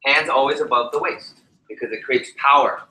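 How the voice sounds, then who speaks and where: Bright-voiced man coaching a live room. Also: moderate pace, a little hiss or hum. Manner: animated, varies speed and pitch to demonstrate points. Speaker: public speaking trainer. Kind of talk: energetic presentation to a live group. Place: meeting room with a live audience. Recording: roomy echoey hall.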